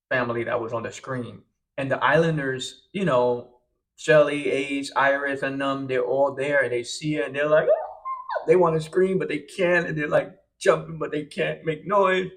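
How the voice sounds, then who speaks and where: A young man casually recapping a reality show episode, chatty and tired, sometimes acting out quotes. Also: medium pitch. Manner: chatty, animated, acts out quotes.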